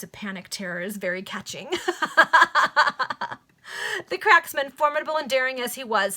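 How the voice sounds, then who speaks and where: A woman casually reading a novel aloud to friends over a video call, breaking off with excited asides. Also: medium pitch. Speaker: reader.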